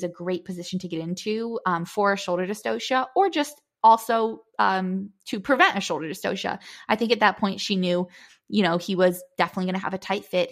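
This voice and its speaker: Young female podcast host, low register with a gravelly edge; chatty, animated personal storytelling. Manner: chatty, animated retelling with frequent fillers.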